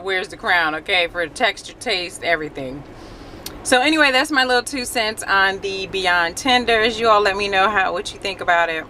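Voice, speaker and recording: A woman chatting casually on her vlog, reviewing food in a restaurant, animated and laughing often. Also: lowish voice, a little hiss or hum. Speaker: vlogger.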